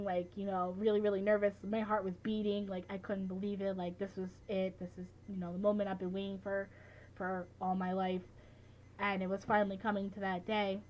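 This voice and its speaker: A woman's voice: mid-range voice, rough recording. A teenage girl recapping events in a casual vlog, chatty and full of filler words like "like" and "you know". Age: late teens. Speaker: vlogger.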